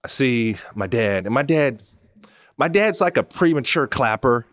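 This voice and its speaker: A man in his thirties from Pasadena telling a personal story to his listeners as host. He talks in an animated way, jumping up high when excited and dropping low and quiet when moved. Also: a little slow. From Pasadena, California. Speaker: podcast host and former NBA player.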